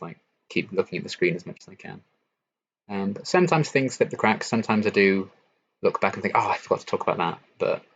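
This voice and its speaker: Deep-voiced young man chatting on stream. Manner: relaxed, chatty, many ums and likes. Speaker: YouTube reaction channel host. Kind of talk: casual live-stream Q&A, reading chat. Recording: slightly dull lo-fi stream audio.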